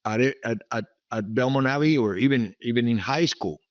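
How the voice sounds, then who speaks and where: A man's voice: mid-range voice, moderate pace, no echo, lo-fi sound. A man in his seventies from Cuba, with a Cuban Spanish accent and Spanish as his first language, telling rambling stories as an interview guest and often asking "okay?". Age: 70s. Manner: rambling, repetitive, emphatic asides like "okay?". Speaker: guest, businessman. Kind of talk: storytelling interview.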